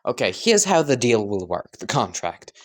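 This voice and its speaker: A man with a mid-range, fairly everyday voice speaks at a moderate pace with big swings in pitch. He plays a young demon, a scheming twin brother freed from hell, haggling over a contract in a casual, foul-mouthed way.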